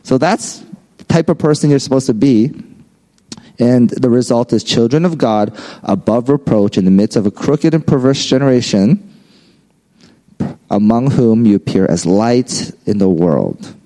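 A man's voice: medium pitch, a little slow, warm tone, rough recording. A man giving a casual, conversational sermon, often checking in with "right?". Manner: conversational, frequent "right?" tags. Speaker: preacher.

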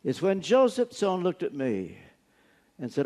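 A man's voice: a little high, huge pitch swings, unhurried, warm tone. A man preaching a sermon, telling a personal story earnestly and stressing key words through repetition. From United States.

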